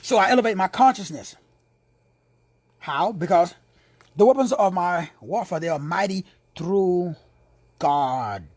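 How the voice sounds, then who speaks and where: A man with a Texan accent preaching an informal sermon, playful and slangy, who drops into hushed whispers for asides. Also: high voice, expressive, normal speed, pauses often, slightly rough, dry recording. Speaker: preacher and teacher.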